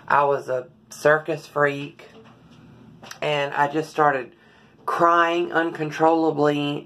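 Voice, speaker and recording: A woman speaks at a slow, unhurried pace in a personal, confessional vlog. Her voice sits unusually low and carries a slight hoarseness. She halts often, with fillers and frequent throat clearing. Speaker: vlogger.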